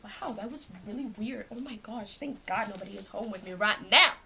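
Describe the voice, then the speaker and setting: A young Canadian woman vlogs casually from home, showing off what's in her school bag and rambling with plenty of "like." Her medium-pitched voice is fairly quick, creaky and bright, with a forceful edge.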